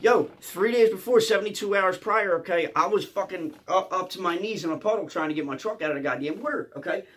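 A male comedian from Philadelphia tells his story at a rapid clip, with a high, keyed-up voice. He is profane and excitable, stumbling over restarts and tossing in "okay?" again and again. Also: slightly rough. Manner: stammers and restarts often. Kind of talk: comic storytelling.

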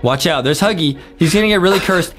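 Hyped high-voiced man commentating gameplay. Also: fast, music in the background. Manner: hyped and exclamatory, says bro a lot. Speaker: gaming channel co-host.

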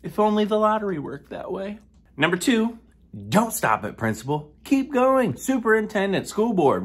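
An animated man runs a jokey top-five countdown for a sponsor, his pitch bouncing up and down. He talks playfully and drops into sudden whispered asides. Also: normal speed, husky. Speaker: comedian host of a sponsored segment.

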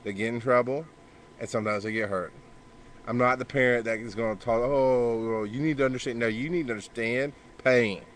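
A man's voice: mid-range voice, fairly even intonation, fairly quick, a little hiss or hum. A man talking casually to the camera in a blunt, profane way, scolding his kids between thoughts, outdoors by a pool. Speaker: podcaster and father. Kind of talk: casual vlog monologue.

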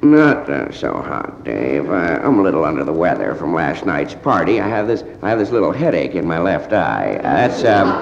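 A man doing a stand-up comedy monologue as one side of a phone call, rambling groggy and sheepish with constant stammers and hesitations. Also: low-pitched. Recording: roomy, dull, hissy old vinyl live recording.

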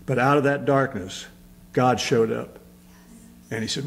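A man's voice: medium pitch, steady tone, measured pace, gravelly, low-quality recording. A man with a Midwestern American accent preaching a sermon as pastor, emotional and rising to fervent emphasis.

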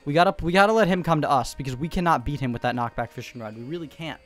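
A man giving fast, excitable gameplay commentary from home, repeating short calls in quick bursts. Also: fairly high pitch, faint music behind. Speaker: gaming YouTuber. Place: home room.

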